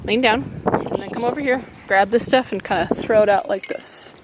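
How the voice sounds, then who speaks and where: A woman's voice: a little high, normal speed. Patient mom coaching her child outdoors. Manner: patient, repeats short instructions. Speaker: homestead vlogger and mother. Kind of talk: casual instructions to her child. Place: outdoors at a chicken farm. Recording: outdoor camera audio with clear farm noise. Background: chickens clucking.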